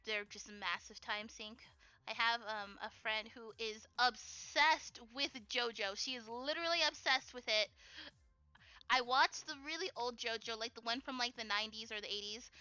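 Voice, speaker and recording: A young adult woman chatting casually while she draws on a live stream, rambling in an animated way with lots of fillers and giggles. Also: a little high, clean tone, no room sound. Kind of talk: casual chat while drawing.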